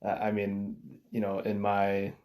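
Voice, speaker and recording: Woman host with an extremely low voice. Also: completely flat delivery, normal speed, mellow. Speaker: podcast host. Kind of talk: casual conversation.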